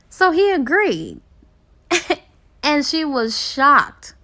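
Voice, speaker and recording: A woman's voice: high-pitched, big pitch swings, very slow, pauses often, sharp tone. A woman book reviewer retelling a novel's plot in a casual, chatty way with fillers and small laughs.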